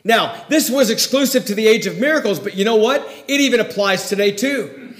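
A man preaching a sermon in a folksy way, swinging between loud emphasis and hushed asides. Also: sits high, expressive, fairly quick, echoey room.

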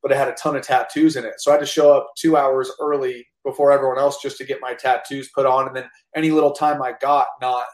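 A man tells his story in loose, casual talk, words tumbling out quickly. He is animated and swears freely, restarting sentences as he goes. The room has a roomy echo to it. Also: medium pitch. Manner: animated, profane, full of restarts. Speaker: guest actor.

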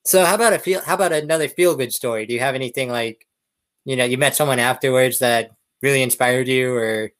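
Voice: mid-range voice, quick pace, fairly bright tone. A podcast host in casual interview talk, giving short affirmations and prompting questions.

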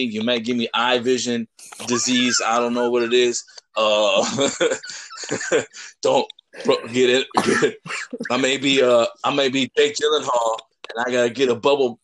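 A man's voice: medium pitch, fairly bright tone, slight background noise. A man co-hosting a casual podcast chat, joking and rambling, laughing often. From Mexican-American from the Lake Michigan area. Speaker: podcast co-host.

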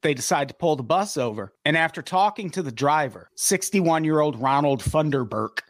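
A man hosting a comedy podcast, telling stories in an animated way and swearing freely. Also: normal speed, no echo, clean studio sound. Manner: animated, profane storytelling with big pitch swings. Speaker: podcast host.

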